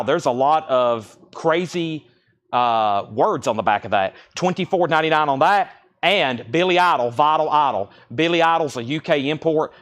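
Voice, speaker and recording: A man hosting a live vinyl record sale stream, briskly repeating prices and bidder names. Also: a little high, fairly bright tone. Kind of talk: live auction sales stream.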